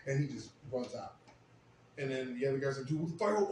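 A young man telling a long, profane story in a casual podcast chat, getting loud when he quotes himself. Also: medium pitch, fast. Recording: roomy echo, faint ambient noise.

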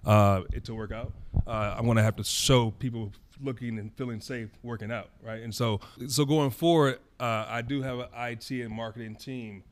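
A man's voice: mid-range voice, fairly even intonation, moderate pace. A man, a fitness trainer, speaking on a panel in a rambling, earnest way with many fillers. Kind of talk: panel discussion.

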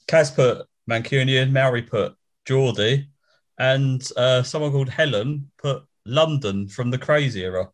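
A man's voice: mid-range voice, measured pace. A man co-hosting a podcast in casual chat, reading out listener replies with a chuckle.

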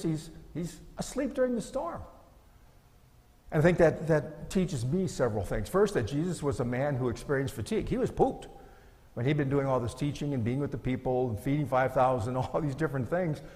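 A man's voice: mid-range voice, a little mellow, long reverb tail. A middle-aged male pastor preaching a sermon in an earnest, conversational way, asking his listeners rhetorical questions.

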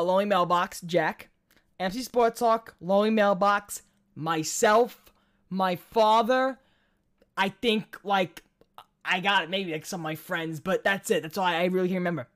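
Rambling, foul-mouthed man on a podcast. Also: sits high. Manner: rambling, profane, trailing restarts. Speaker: podcast co-host. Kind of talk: casual podcast chat.

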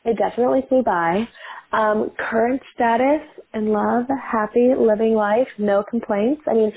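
A woman in her twenties with a sore throat and a raspy, hoarse voice, chatting as a podcast guest and telling stories with easy laughs. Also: fairly high pitch, moderate pace. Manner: chatty, laughs easily, rambling storyteller. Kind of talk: casual chat. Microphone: phone call. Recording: tinny phone line with faint hiss.

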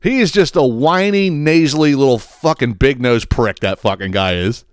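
Man, podcast host, mid-pitched voice, profane, mocking, dry close recording. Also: normal speed, smooth, dry recording. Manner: profane, mocking, animated with laughs. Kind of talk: casual podcast rant.

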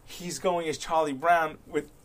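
A man's voice: a little high, steady tone, a little slow, a bit bright. A middle-aged man, co-hosting a casual chat and telling stories with a joking manner. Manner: storytelling, joking, laughs often. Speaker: podcast co-host.

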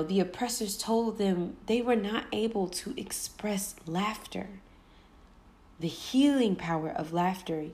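A woman hosting a podcast, talking candidly in a casual, spiritual monologue full of slang and the odd curse. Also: fairly low pitch. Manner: candid and animated, with loose slang and cursing. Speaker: podcast host.

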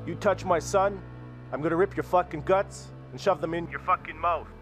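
An actor playing a volatile middle-aged mob boss in a low-budget film, barking profane threats in a bright, sharp voice. Music hums faintly behind him in the clip. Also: male voice, moderate pace, close to an everyday voice. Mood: menacing.

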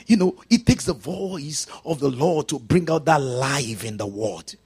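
Gravelly man preaching with dramatic swings. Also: fairly high pitch, animated, a little slow. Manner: dramatic swings from shouting to quiet whispers. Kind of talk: sermon. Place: church service.

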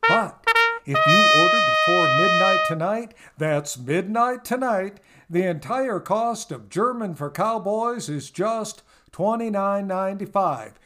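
A man delivering a comic mock infomercial in folksy cowboy slang, with a hard-sell pitch. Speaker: announcer and radio host.

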